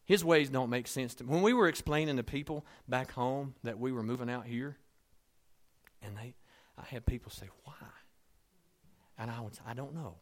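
A man preaching a sermon in a conversational, storytelling way, dropping to soft asides and rising to emphatic points. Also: medium pitch, fairly quick. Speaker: pastor.

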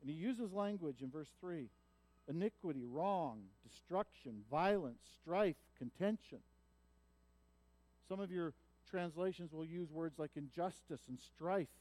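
Preacher: high-pitched man, dry close sound, earnest sermon delivery that builds to pleading cries. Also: lively intonation, unhurried, dark tone, dry recording. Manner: earnest preaching that swells when voicing a prophet's cries. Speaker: pastor.

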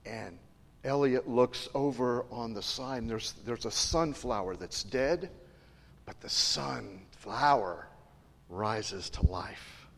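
A man's voice: mid-range voice, slow, gravelly, fairly bright tone. A male pastor preaching a sermon in a chatty, digressive way, joking with and questioning his congregation. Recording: long reverb in a large hall.

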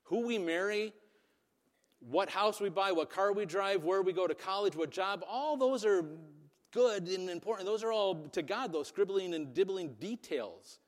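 A middle-aged man preaching a sermon in a relaxed, conversational storytelling way, with plenty of ums. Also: high voice, normal speed. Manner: conversational storytelling with many fillers. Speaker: pastor. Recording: long reverb of a large hall.

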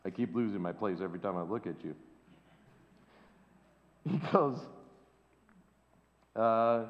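A man's voice: on the low side, measured pace, long pauses. A man preaching a sermon, acting out the voices of the people in the scripture story. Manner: lively, acts out the voices in the story. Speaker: pastor. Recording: dull lo-fi sound with long hall reverb.

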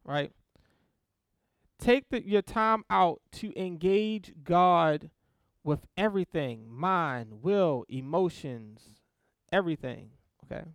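This man's voice sits high and comes across slow and smooth, recorded with studio quality and no echo. He's teaching an informal sermon on spiritual disciplines, speaking conversationally and frequently checking in with listeners through "okay?" and "right?"

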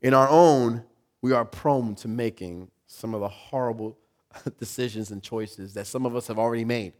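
A pastor delivers an animated sermon at a moderate pace, acting out inner voices with sudden loud, high bursts. He repeats words and laughs along with the congregation.

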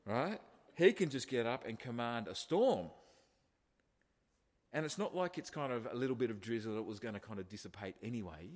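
A man's voice: medium pitch, lively intonation, normal speed. A man preaching a sermon to a congregation in a conversational way, with rhetorical questions and restarts. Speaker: pastor. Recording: long hall reverb.

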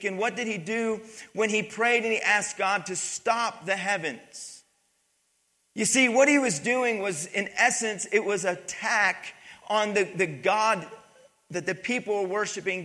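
A man's voice: high voice, pushed and bright. A male pastor delivering a sermon, reading scripture and explaining it emphatically, with call-outs to the congregation. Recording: long hall reverb.

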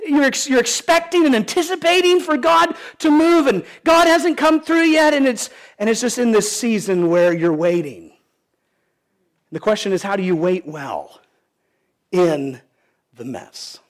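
High-voiced man preaching a sermon. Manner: earnest and pleading, with many restarts and rhetorical questions. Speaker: pastor.

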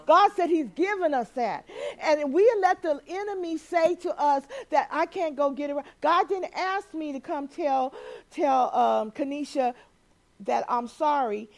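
High-pitched lady preaching, animated, laughs and does little voices. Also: a little slow. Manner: animated, acts out quoted voices, laughs often. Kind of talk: sermon.

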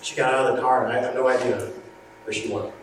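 A man's voice: mid-range voice, level tone, fast. A man preaching a sermon, earnestly pleading and acting out conversations in a story. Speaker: pastor. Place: church hall. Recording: echoey hall, distant mic, noisy ambience.

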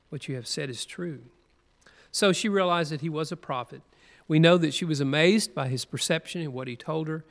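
A man preaching a sermon, reading scripture aloud with earnest emphasis and stretching key words. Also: fairly high pitch. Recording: long hall reverb.

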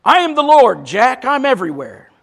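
A preacher putting on a calm, unhurried God who talks plainly and patiently. He gives firm, simple instructions with a quiet steadiness. The voice stays close to the preacher's own. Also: very high voice, creaky, voice pushed up, heavily acted.

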